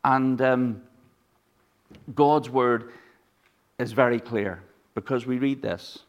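The recording is muffled as a man from Ireland, speaking with an Irish accent in a mid-range voice, preaches slowly. His sermon is conversational, woven with stories and rhetorical questions aimed at the congregation.

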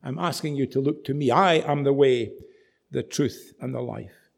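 A man voicing a calm, authoritative teacher in a sermon, speaking slowly and gravely. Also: mid-range voice. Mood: stern. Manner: slow, grave and firm.

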